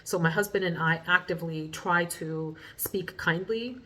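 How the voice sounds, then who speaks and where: A woman vlogger in her thirties rambles earnestly to her viewers and calls them friends. Her voice sits a little low. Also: moderate pace, pushed and bright. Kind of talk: casual reflective talk to camera.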